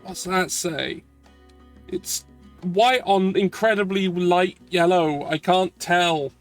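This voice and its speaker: A man's voice: high-pitched, takes it slowly, soft background music. A man streaming a game, giving chatty, rambling, self-deprecating commentary as he plays. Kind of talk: casual gameplay commentary.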